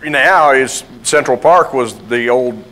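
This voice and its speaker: A man with a Southern American accent leads an interview, his voice in an ordinary middle pitch. He asks questions with eager enthusiasm and reminisces alongside his guest. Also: takes it slowly, a bit bright, low-quality recording. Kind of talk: conversational interview.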